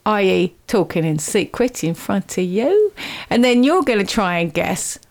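A woman's voice: medium pitch, expressive, unhurried. A woman hosting a radio show in a studio, chatty and teasing as she quizzes her guests. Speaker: radio host.

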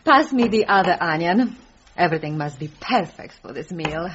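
A woman's voice: on the low side, lively intonation, moderate pace, a little hiss or hum, close to an everyday voice. A woman voicing a tall, scheming, glamorous woman, talking in a sly, arch way. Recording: dull lo-fi sound.

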